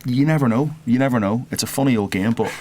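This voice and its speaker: A man's voice: medium pitch, fast, darkish tone. A man, a guest on a football podcast, chatting casually, agreeable and often repeating himself. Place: podcast booth.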